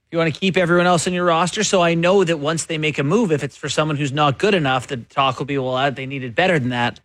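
A man co-hosting a sports talk show, making his case in a quick, conversational, opinionated way. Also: fairly high pitch, fairly even intonation, fairly bright tone, dry recording. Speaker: sports radio co-host and columnist.

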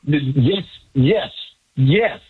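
A man calling in to a sports radio show, excited, boastful and repeating himself. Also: on the high side, extremely slow, husky. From United States. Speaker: caller. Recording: muffled phone line.

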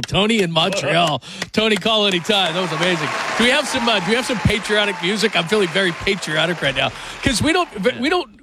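A male sports talk radio host speaks in a fairly high voice from his studio. He reacts to callers with excitable enthusiasm. Music plays clearly behind him.

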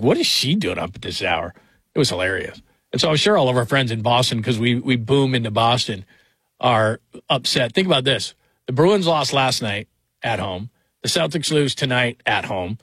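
A man's voice: mid-range voice, a bit bright, slightly rough, no echo. A man hosting a late-night sports talk radio show, chatty and rambling with wry asides. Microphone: studio microphone.

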